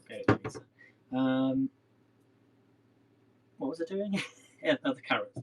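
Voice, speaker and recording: A man's voice: mid-range voice, animated, normal speed, breathy edge, rough recording. A man hosting a casual live cooking demo in his home kitchen, rambling and chatting to viewers as he works. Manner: chatty, rambling, talks to viewers while working. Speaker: cooking livestream host.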